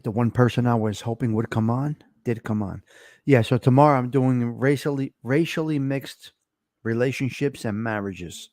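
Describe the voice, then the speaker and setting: On his casual livestream, a New Jersey man of Italian-American heritage chats through live comments and asks viewers to judge his microphone. He speaks at normal speed in a medium, darkish voice. The close desk mic yields a dry, studio-quality recording.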